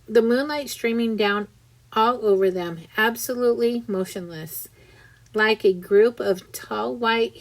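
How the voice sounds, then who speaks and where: A woman narrating a children's storybook aloud, deliberate with small restarts. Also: medium pitch, rough recording. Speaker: reader. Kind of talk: audiobook narration.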